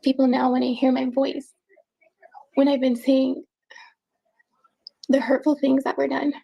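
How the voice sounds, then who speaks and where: Husky, halting woman telling her story. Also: high voice, monotone, dull audio. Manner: halting, repeats words, distressed. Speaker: interviewee. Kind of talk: emotional personal account.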